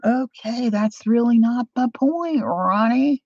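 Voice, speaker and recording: A middle-aged woman hosting a crafting livestream, chatting warmly to viewers while she works. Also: lowish voice, expressive, measured pace, creaky, husky, dry recording, dull audio.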